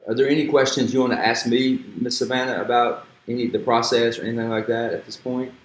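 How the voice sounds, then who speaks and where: A man's voice: mid-range voice, little pitch movement, quick pace. A man interviewing a young woman in a friendly, rambling way with many fillers. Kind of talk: casual interview. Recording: roomy echo with faint music.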